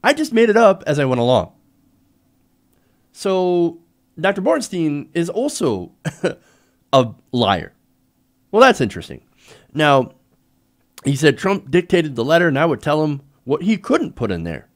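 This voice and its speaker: A man hosting a live political commentary show, sarcastic and emphatic, laughing at his own jabs. His voice sits on the high side and swings widely in pitch. He talks in bursts of scorn and mock disbelief. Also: huge pitch swings, a little slow, long pauses. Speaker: host.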